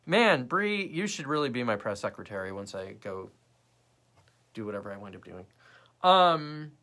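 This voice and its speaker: A young man chats on his livestream in a lively voice that rises and falls a lot. He talks bluntly and swears freely, and he slips into quick imitations of other people. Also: mid-range voice. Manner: animated, mimics people in quick bits; blunt and profane. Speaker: livestream host. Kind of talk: casual live chat reading viewer comments.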